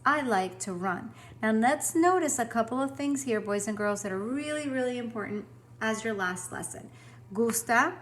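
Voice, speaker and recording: A woman teaching a recorded language lesson to students, upbeat and encouraging, speaking clearly and slowing down to model example sentences. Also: a little high, slight background noise.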